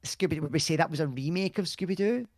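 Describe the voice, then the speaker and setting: A man in a casual chat, teasing and joking in quick banter. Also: on the high side, no room sound, clean studio sound. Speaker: guest streamer.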